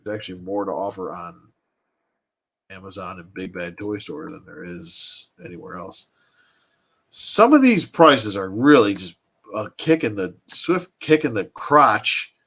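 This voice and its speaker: A man's voice: sits low, animated, measured pace, pushed and bright, breathy edge. A man in his thirties hosting a casual livestream, rambling and thinking aloud as he answers his chat. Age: 30s. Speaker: toy collecting livestream host.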